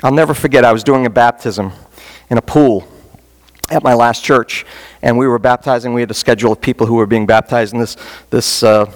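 A man's voice: mid-range voice, steady tone, brisk. A man preaching as a pastor in a church, giving an earnest, folksy altar call with touches of humor. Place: church sanctuary.

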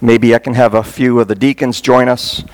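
A man's voice: medium pitch, little pitch movement, moderate pace, darkish tone. A man preaching as a pastor in a church, giving an earnest, folksy altar call with touches of humor. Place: church sanctuary.

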